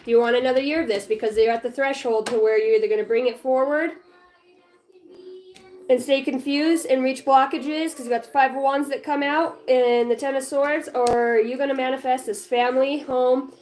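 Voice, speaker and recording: A woman with a lilt gives a loose, chatty tarot reading to her viewers from home. She's blunt and swears freely, pushing the listener on with fond, insistent encouragement. Her voice sits a little high for a woman. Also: fairly even intonation, moderate pace, a little mellow. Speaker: tarot reader. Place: home with her small child nearby.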